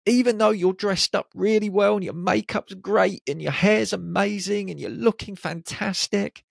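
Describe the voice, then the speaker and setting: A man hosting a solo podcast, talking in an animated way and slipping into quick voices for people's inner self-talk. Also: high voice, vocal fry, no room sound, studio quality. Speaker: podcast host.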